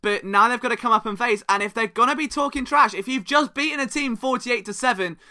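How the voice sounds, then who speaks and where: A young man with a very bright, edgy voice sits high for a man and keeps a solo sports podcast rolling. He jokes, teases and pokes fun at himself as he talks. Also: quick pace. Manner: animated, joking, self-deprecating, does mocking voices.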